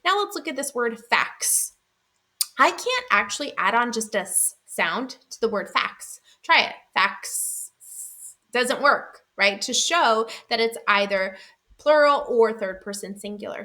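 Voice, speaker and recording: Woman w/ a bright kinda high voice, teacher-training phonics lesson, patient, sounds stuff out slow. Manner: clear, patient, checks in with "right?"; sounds out speech sounds slowly and deliberately. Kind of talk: instructional slideshow lesson.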